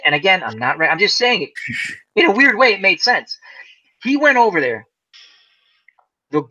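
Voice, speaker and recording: A man hosts a relaxed fireside chat, spinning a long, lively story in which he voices each character and laughs often. His voice sits on the high side, and the audio is muffled and lo-fi.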